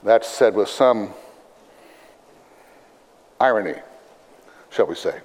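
A man's voice: fairly low pitch, a little mellow. Pastor man reading scripture in a reverberant hall. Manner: measured, deliberate reading with dry asides. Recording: long reverb of a large hall.

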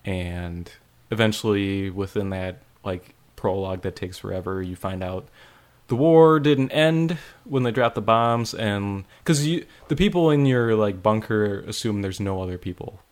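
A man chatting casually about a video game, rambling with lots of "like" and animated retelling. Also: lowish voice, unhurried. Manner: rambling, frequent "like", animated storytelling. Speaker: podcast co-host reviewing a game. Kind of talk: casual chat.

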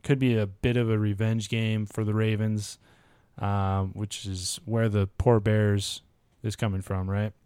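A man co-hosting a fantasy football podcast, going over matchups and injury news in a steady, measured way. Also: fairly low pitch, clean tone, no room sound. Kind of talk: casual podcast chat.

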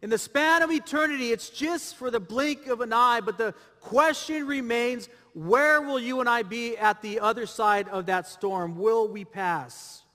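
Male pastor, bright ringing tone, repetitive sermon delivery in a reverberant hall. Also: extremely high pitch, unhurried, hardly any pauses. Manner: preaching with rhetorical questions and repetition.

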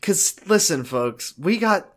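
Man, podcast co-host, casual chat, animated, mock-dramatic, lively pitch. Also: slow pace.

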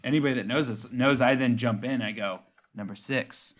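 A man's voice: mid-range voice, fast talker. A man with an ordinary mid-range voice, chatting casually on a podcast. He teases his co-host with a dry humor and laughs easily. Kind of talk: casual chat.

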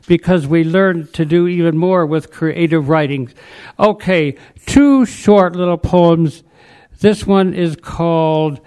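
A man from New Mexico reading his own short poems aloud, expressive and theatrical. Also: sits high. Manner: unhurried, expressive, with theatrical voice changes. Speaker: poet reading at a chapter meeting. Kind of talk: poetry reading with dramatic storytelling.

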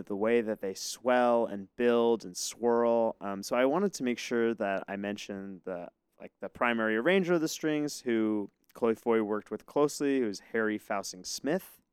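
American guy on a music podcast, smooth voice, thinks out loud, lots of likes and ums. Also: medium pitch, dry recording, clean studio sound. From United States. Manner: thoughtful, measured, hedging with "like" and "um". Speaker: podcast co-host. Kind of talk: casual music discussion.

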